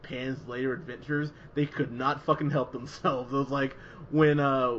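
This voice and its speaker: A man hosting a casual movie review chat, animated and sarcastic, mocking the film as he talks. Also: mid-range voice, normal speed, muffled recording, a little hiss or hum. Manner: animated, sarcastic, mocks lines in put-on voices. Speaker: podcast host.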